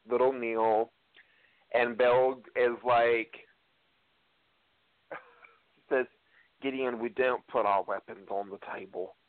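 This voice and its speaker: A man co-hosting a casual TV review podcast, chatting loosely and thinking out loud. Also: mid-range voice, smooth. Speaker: podcast co-host. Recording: tinny phone-like audio.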